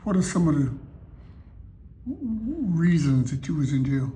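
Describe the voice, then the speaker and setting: A man's voice: fairly high pitch, sing-song, a little slow, mellow. A male interviewer asking short questions from off-mic. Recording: distant off-mic voice.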